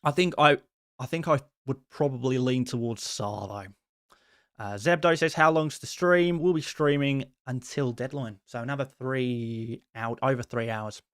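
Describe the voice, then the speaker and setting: A man hosting a casual live stream in a friendly, quick way, reading out viewer messages and answering each one. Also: mid-range voice, a bit bright, smooth, no room sound, studio quality. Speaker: host answering viewer questions.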